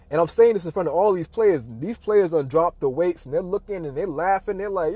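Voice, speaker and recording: A man in his thirties hosting a talk show, telling a personal story in a casual, animated way and acting out what other people said. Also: sits high, moderate pace, hardly any pauses, slightly rough, dry recording. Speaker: host.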